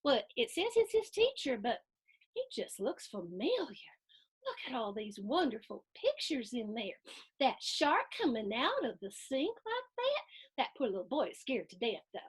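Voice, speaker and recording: A woman's voice: high-pitched, huge pitch swings, normal speed, husky. A woman hosting a children's storytime, reading a picture book aloud with lots of questions and sound effects. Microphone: video stream.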